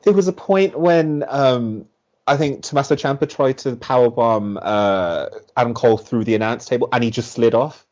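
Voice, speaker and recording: A man guesting on a podcast in casual chat, animated and rambling, with lots of "like". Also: mid-range voice, moderate pace. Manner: animated, rambling, heavy use of "like". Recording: dull lo-fi podcast audio.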